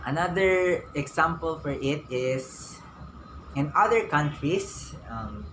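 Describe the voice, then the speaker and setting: Slow Filipino man giving a lesson. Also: mid-range voice. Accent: Filipino English. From Philippines. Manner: slow, explanatory, repeats words for emphasis. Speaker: student teacher. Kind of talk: classroom lecture. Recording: echoey room with noise behind.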